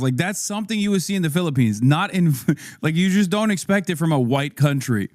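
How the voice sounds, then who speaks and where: A man's voice: on the high side, expressive, a little fast, darkish tone, dry recording, studio quality. A man streaming, riffing casually with profanity and frequent laughs as he reacts to a video.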